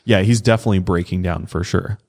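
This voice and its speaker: Low-voiced man telling a crime story. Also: fast, vocal fry. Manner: relaxed, swears casually, acts out quotes. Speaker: podcast co-host. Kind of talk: casual true-crime storytelling.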